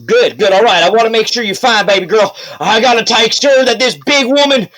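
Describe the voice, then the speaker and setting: A man voicing a brash, show-off male town mayor who calls out loudly to impress, in a tabletop game. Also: brisk, low-quality recording. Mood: fussing. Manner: loud, high-pitched, boastful calls.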